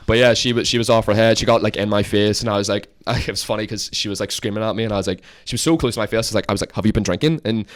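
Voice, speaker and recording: A young man with a Belfast accent, a podcast guest telling an animated story with lots of swearing and fillers. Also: racing, few pauses. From Northern Ireland. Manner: animated storyteller, acts out quotes in a shrill voice; swears freely, many fillers. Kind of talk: casual chat.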